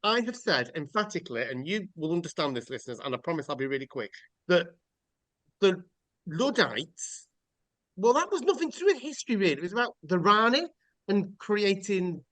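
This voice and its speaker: A man's voice: high-pitched, very animated, moderate pace, fairly bright tone, dry recording. A man hosting a casual podcast chat, rambling through mock rants with jokes and the odd swear word. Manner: joking, rambling, swears freely. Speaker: podcast host.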